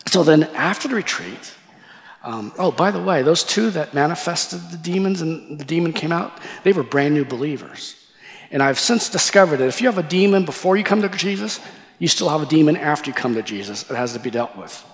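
A pastor preaching a sermon tells a lively story, acting out the voices of its characters. His voice is a little high and gravelly at a moderate pace, with a big-room sound.

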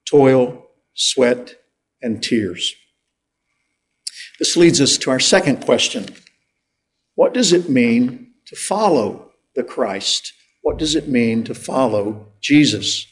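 Slow, deliberate male preacher. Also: mid-range voice, slightly rough. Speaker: pastor. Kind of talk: sermon.

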